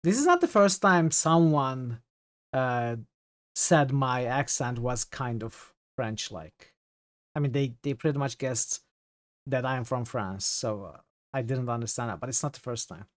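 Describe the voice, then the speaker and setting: A man's voice: mid-range voice, lively intonation, fairly bright tone, no echo. Turkish-accented guy streaming a game, native turkish, lots of ums, reads chat, dry close sound. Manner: thinking aloud, reading chat, halting with fillers. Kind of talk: casual gameplay commentary.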